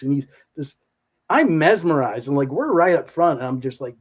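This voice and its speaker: A man co-hosting a podcast, telling stories in an animated, enthusiastic way in casual chat. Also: fairly high pitch, measured pace. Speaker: podcast co-host.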